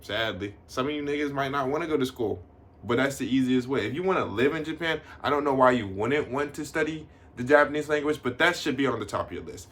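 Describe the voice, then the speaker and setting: A man's voice: medium pitch, fast talker, a bit bright. A young man from the United States who lives in Tokyo, talking casually to his viewers in a loose, slangy way, with plenty of swearing and fillers like "you know what I mean.". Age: young adult. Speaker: vlogger. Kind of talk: casual vlog talk to camera.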